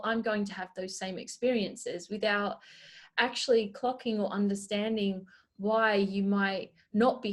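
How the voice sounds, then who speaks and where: Aussie woman, 30s, earnest and reflective, chatty interview talk, lots of "you know". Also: medium pitch. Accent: Australian. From Australia. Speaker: guest, Paralympic swimmer and advocate. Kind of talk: casual interview conversation.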